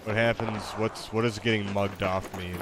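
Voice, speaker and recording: Deep-voiced man, laid-back halting gamer chat, noisy stream mic. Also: flat delivery. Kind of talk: casual chat while gaming.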